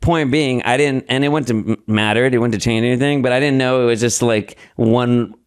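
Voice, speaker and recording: A man guest on a podcast rambles through a story, cursing freely and acting out what people said. His voice is smooth and resonant, with a dry, close sound. He chats casually at a middle pitch. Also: fairly even intonation, fairly quick, no echo. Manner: rambling, profane, acts out dialogue.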